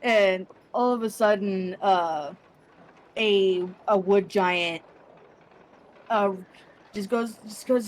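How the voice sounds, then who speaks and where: A woman's voice: mid-range voice, slow pace, long pauses. A young adult woman narrating a tabletop game as game master, rambling with lots of restarts and fillers. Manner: rambling, full of likes and restarts.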